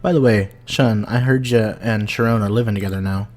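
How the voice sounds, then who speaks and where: A man's voice: lowish voice, fairly even intonation, brisk, a little mellow, soft background music, lightly acted. A man voicing a bossy schoolgirl who chairs a morals committee, in a prim, scolding manner.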